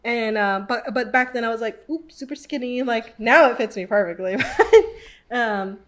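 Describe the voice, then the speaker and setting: Chatty young woman, fairly high voice. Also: moderate pace. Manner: chatty, filler-heavy with many "like"s; animated when quoting people. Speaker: podcast host. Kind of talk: casual storytelling chat.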